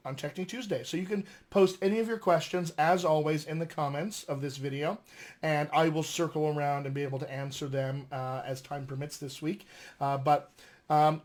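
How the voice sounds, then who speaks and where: A man who coaches dialects, speaking in a mostly General American accent and teaching a casual recorded lesson in a lively, conversational way with frequent fillers. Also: fairly high pitch. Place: filmed at home with flashcards.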